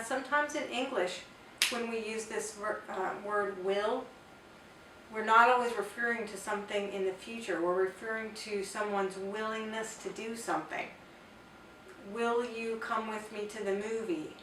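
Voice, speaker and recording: A woman's voice: mid-range voice, a bit bright. A woman teaching a Spanish grammar lesson in English, patiently spelling out examples. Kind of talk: explanatory language lesson. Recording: roomy, distant mic, faint hiss.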